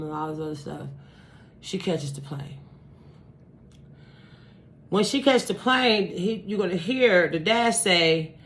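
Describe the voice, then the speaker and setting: Animated profane woman storyteller. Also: on the low side, measured pace, long pauses. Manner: animated, profane, with sound effects. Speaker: vlogger. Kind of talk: casual true-crime storytelling.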